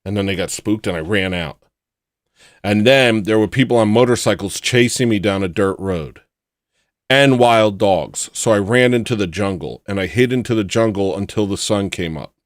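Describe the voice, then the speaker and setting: A man with a very low voice tells a rambling personal story on a livestream. He talks casually and acts out the people in it with sudden loud put-on voices. The sound is close and dry, with no room around it. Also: normal speed, no room sound. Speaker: livestream host.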